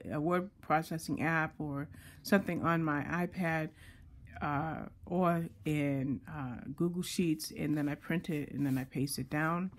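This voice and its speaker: A woman's voice: deep voice, a little hiss or hum. A woman book blogger chatting casually as she shows her planners, often stopping to correct herself. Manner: chatty, self-correcting, reads lists slowly. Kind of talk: casual show-and-tell vlog.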